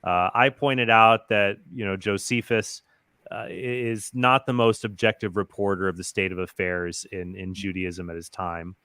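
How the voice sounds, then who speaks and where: A man's voice: fairly low pitch, steady tone, moderate pace, sharp tone, clean tone, no echo, clean studio sound. A man in a casual discussion, explaining and defending the points he made in a debate. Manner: explanatory, argumentative.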